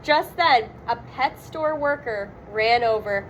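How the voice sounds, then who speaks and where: A woman reading a children's storybook aloud, expressive and dramatic on the sound words. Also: on the high side, slow pace, few pauses, a little hiss or hum, poor audio. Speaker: storybook reader. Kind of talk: children's read-aloud narration.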